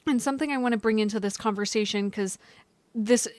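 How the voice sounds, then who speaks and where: A woman's voice: a little high, fairly quick, darkish tone, no room sound. Chatty young woman astrologer, dry sound. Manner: chatty, loose, many fillers and restarts. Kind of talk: casual astrology vlog talk.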